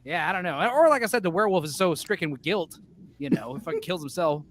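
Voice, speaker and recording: A man talking in a casual podcast chat, excitable and profane, acting out scenes with growls and shouts. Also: high-pitched, quick pace, a little hiss or hum. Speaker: podcast co-host.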